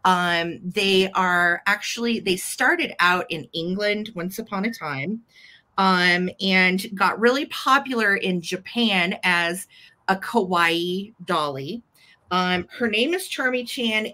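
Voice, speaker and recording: Brief: female live-sale host, bright forward tone, gushy chatter. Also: mid-range voice, slow. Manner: chatty and gushing, fond little words. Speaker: host selling vintage items live. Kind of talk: live sale chat, describing items.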